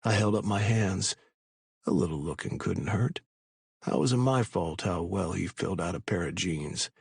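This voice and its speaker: A man narrating a romance audiobook in the first person, in an even, casual way. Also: low-pitched, normal speed, vocal fry, breathy edge, no room sound.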